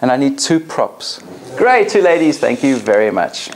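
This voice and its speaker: A woman trainer leading a live coaching demonstration in front of an audience, animated and directive. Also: rumbling low, moderate pace, a little hiss or hum.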